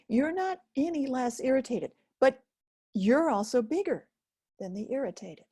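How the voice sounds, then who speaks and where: A woman teaching an emotional healing method, speaking gently with long pauses. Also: sits high, animated, breathy edge. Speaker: focusing teacher. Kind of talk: guided self-help teaching.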